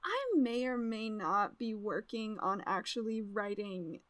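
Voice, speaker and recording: A woman co-hosting a casual chat podcast, excitable and rambling, quick to burst into laughter. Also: medium pitch. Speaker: podcast co-host.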